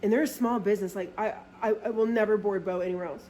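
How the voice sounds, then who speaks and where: A woman's voice: fast, slight background noise. A woman vlogger telling a casual storytime, chatty and full of filler words and swearing. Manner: acts out quoted friends with lively pitch jumps.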